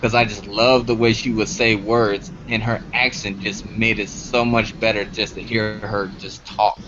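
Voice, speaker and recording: A man talking casually in a group voice chat, halting and rambling with many fillers. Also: lowish voice, little pitch movement, background noise. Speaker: voice chat participant. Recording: dull lo-fi online voice chat.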